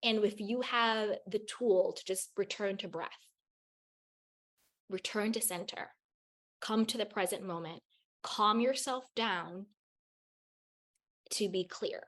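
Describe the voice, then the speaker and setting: A woman's voice: mid-range voice, slow pace, pauses often, a bit bright. Blunt, candid woman guest. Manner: raw and blunt, swears freely; emphatic, repeats phrases for stress. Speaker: podcast guest. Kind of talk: candid spiritual advice in conversation.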